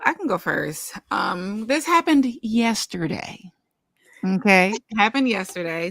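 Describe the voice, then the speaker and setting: A woman guest on a panel podcast, telling a story in an animated, laughing way. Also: medium pitch, creaky, dry recording. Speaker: brand strategist and podcast guest. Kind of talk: casual storytelling.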